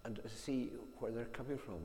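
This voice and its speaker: A man preaching a sermon in a church, earnest and measured, often asking the listeners questions. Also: mid-range voice, steady tone, darkish tone. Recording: echoey church hall reverb, faint hum.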